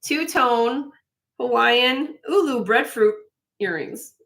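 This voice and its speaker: A woman with a slightly high voice runs a live jewelry sale, talking to her viewers in a loud, excitable patter. She chats casually, jokes at her own expense and calls out prices again and again. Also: slow, slight background noise. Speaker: online jewelry seller.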